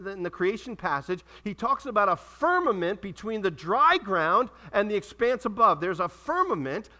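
Man, pastor, sermon, bright forceful voice, dramatic pauses, calls to the congregation. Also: high voice. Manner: preaching with dramatic pauses and audience call-outs.

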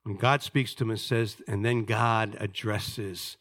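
Bright-voiced man preaching a sermon. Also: medium pitch, moderate pace, few pauses. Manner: storytelling, swings from hushed to loud emphatic preaching. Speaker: pastor.

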